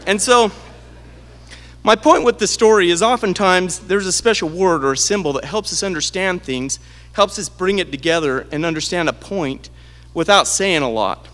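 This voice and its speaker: Middle-aged man giving a eulogy, fairly high voice, animated storyteller who acts out the quotes, long hall reverb. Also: normal speed. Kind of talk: storytelling at a memorial. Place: large hall at a memorial gathering.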